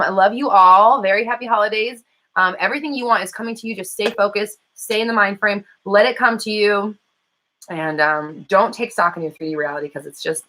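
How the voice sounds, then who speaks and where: A bright-voiced woman talks fast in a loose livestream chat, running as a coach and host. Her talk is chatty and full of "um"s, with the odd swear word thrown in. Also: medium pitch, low-quality recording. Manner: fast-talking, self-described; chatty, frequent fillers and swearing. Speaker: law of attraction coach and host. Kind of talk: casual livestream chat with viewers.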